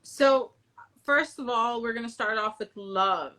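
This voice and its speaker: A woman, a guest reiki practitioner, giving a card reading in a measured, explanatory way. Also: on the high side, bright, forceful tone.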